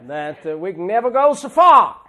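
A man's voice: high-pitched, sing-song, pushed and bright. A man preaching a sermon, telling folksy stories and swelling into emphatic lines. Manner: slow, folksy storytelling with rising emphatic swells.

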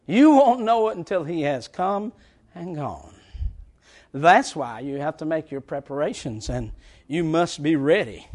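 Preaching with big pitch swings in a slightly high voice, this man goes from shouting to quiet, stretched-out words, laughing his way through homespun stories in his sermon.

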